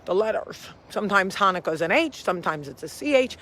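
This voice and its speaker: A woman's voice: on the low side, animated, fairly quick, few pauses, fairly bright tone. A woman hosting a casual vlog, out of breath as she walks uphill outdoors, rambling and amused at her own jokes, swearing freely. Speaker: host.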